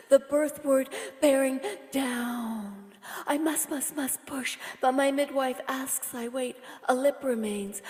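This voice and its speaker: Woman, poet, high voice, dramatic poetry reading, whispery passages, long hall reverb. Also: slow pace, darkish tone. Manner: intense, rhythmic delivery, dropping to whispers. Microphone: online reading setup.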